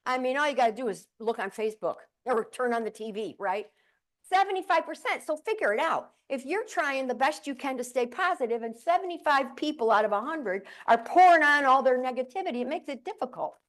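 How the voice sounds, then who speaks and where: An older woman from central New York gives a humorous motivational keynote. Her voice sits a little high, and she tells chatty stories full of playful asides. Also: lively intonation, fairly quick. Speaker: keynote speaker. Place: conference room with audience.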